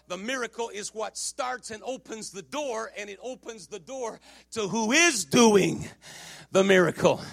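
A male pastor preaching a sermon at a men's conference, moving between shouted, sing-song preaching and quiet, low teaching. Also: gravelly, dry recording.

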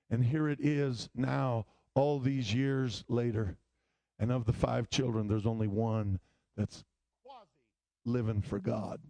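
A man preaching a sermon, telling stories and rising into shouted appeals. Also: mid-range voice, dry recording. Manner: storytelling preaching that climbs into shouting.

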